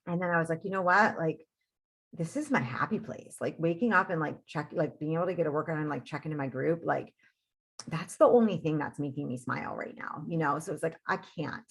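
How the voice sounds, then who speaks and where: A woman in her thirties shares her story on a team video call, talking in a chatty, filler-heavy way. Her voice sits on the low side and has a gravelly, creaky edge. She speaks as a fitness coach addressing her team. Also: brisk. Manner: chatty, heavy use of "like" and "right?".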